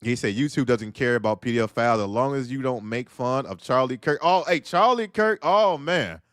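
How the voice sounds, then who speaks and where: A man's voice: medium pitch, normal speed, a bit bright, no room sound, clean studio sound. A man hosting a casual livestream, riffing in slangy talk and laughing between points. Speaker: livestream host.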